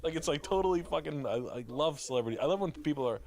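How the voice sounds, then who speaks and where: A man's voice: fairly high pitch, fast talker, a little hiss or hum. A man hosting a live stream, telling crude, rambling celebrity stories in casual chat. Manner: crude rambling storytelling with animated impressions. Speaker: stream host.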